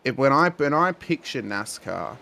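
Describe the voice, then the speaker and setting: A man's voice: medium pitch, big pitch swings, normal speed, vocal fry, pushed and bright, slight background noise. A man calling a sim race and bantering with his co-host, enthusiastic and repeating words as he gets going. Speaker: lead race commentator. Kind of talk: sim racing play-by-play and banter.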